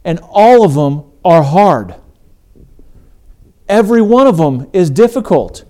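A man's voice: high voice, very animated, unhurried, warm tone. A middle-aged man hosting a faith podcast, delivering an earnest, emphatic sermon-style talk. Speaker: podcast host.

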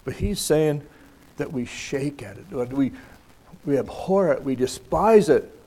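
A man's voice: medium pitch, lively intonation, measured pace, mellow, husky. A man teaching a scripture lesson, reading verses aloud and then talking them over in a plain, conversational way. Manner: many fillers and restarts.

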